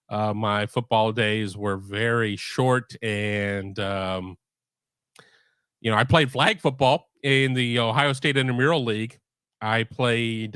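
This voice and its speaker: Host, middle-aged man, casual rambling talker, mid pitch, dead-dry home mic. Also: fairly bright tone, smooth, no room sound. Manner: rambling, with many restarts. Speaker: sports podcast host. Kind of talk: casual live-stream chat. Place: home room.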